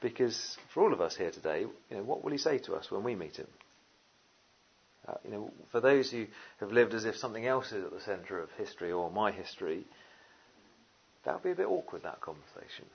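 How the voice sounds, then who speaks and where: A man preaching a sermon, lively and conversational, with jokey asides and many fillers. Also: lowish voice, a little fast, gravelly, husky, dull audio. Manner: animated, jokey asides, frequent "uh" and "you know".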